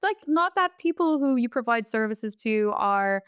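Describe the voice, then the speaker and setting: A woman interviewing a colleague, speaking in a thoughtful, measured, reflective way. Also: fairly high pitch, animated, clean tone, no room sound, studio quality. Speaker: interviewer, manager. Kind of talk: conversational interview.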